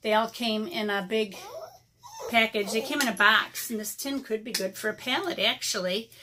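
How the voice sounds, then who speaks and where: A woman's voice: a little high, moderate pace, background noise. Chatty, slightly breathless woman vlogger. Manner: rambling, chatty, self-interrupting with ums. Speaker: watercolor artist vlogger. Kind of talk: casual chatty unboxing.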